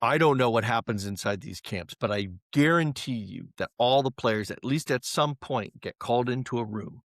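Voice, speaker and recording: A man's voice: mid-range voice, normal speed, no room sound, clean studio sound. A man co-hosting a casual soccer podcast, teasing his partner and acting out little quoted lines as he makes his points. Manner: teasing, animated, acts out quotes. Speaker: podcast co-host.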